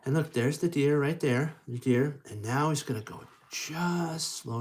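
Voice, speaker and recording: A man's voice: fairly high pitch, a little slow, few pauses. A man reading a picture book aloud to children in an encouraging way, making train sounds and dropping to whispers. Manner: encouraging, lively, drops to whispers and chugging sounds. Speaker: storytime reader.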